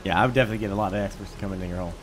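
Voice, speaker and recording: A man in casual in-character role-play chat as an inspector, talking in a hesitant, stammering, deadpan way. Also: deep voice, racing, background noise.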